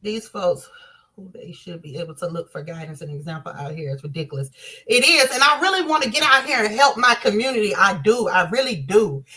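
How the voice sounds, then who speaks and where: A Southern US woman with a mid-range, sharp, slightly rough voice talks animatedly and a little fast. As a commentator, she speaks passionately and emotionally to her viewers, calling them y'all.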